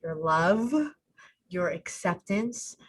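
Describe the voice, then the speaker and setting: A woman's voice: fairly low pitch, very slow, slightly rough, rough recording. A woman life coach, a podcast guest speaking over a video call, explaining her ideas with metaphors. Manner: explains with metaphors, acts out quoted voices.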